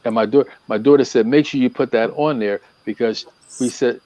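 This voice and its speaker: A man talking as a relationship coach on a talk show, animated and preacherly, repeating his points for emphasis. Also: mid-range voice, a little fast, dry recording. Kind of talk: casual talk-show chat. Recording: dull, lo-fi.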